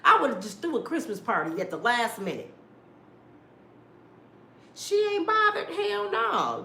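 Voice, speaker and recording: Sassy, animated middle-aged woman ranting. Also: on the high side, measured pace, gravelly, long pauses, slight background noise. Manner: loud, sassy, rants with acted-out quotes. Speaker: commentator. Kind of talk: casual celebrity gossip commentary. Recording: echoey room.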